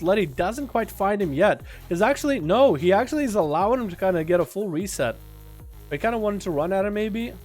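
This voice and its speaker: High-voiced male game commentator. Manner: rapid, chatty, rambling asides. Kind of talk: livestream play-by-play game commentary.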